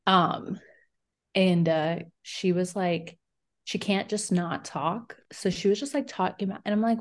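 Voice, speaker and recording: Chatty woman hosting a podcast, lower voice. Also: normal speed. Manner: animated storytelling, lots of "like" and acted-out quotes. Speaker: podcast co-host. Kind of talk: casual chat.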